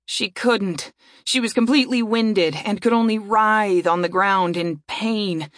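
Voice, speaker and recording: A woman narrating a fantasy audiobook in a steady storytelling voice. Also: medium pitch, unhurried, no echo, clean studio sound.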